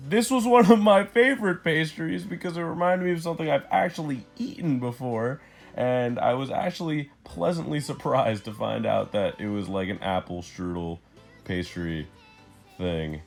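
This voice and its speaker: A man's voice: mid-range voice, creaky, darkish tone. A young man vlogging while walking around a city, chatty and self-mocking as he talks to a handheld camera. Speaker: travel vlogger. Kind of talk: casual vlog to camera.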